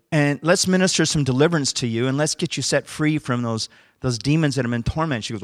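A man's voice: medium pitch, fairly quick, dry recording. Dry, close preacher man telling a story. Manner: animated storyteller acting out dialogue. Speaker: pastor. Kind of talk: sermon storytelling.

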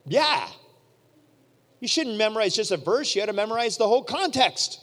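Animated preaching man, high voice. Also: brisk. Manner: animated, acts out quoted voices. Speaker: pastor. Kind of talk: storytelling sermon. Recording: long hall reverb.

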